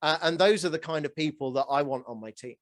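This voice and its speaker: A man in his early forties hosting a casual interview, telling stories with animated energy and a self-deprecating chuckle. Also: fairly high pitch, quick pace, no room sound, studio quality. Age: 40s. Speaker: podcast host.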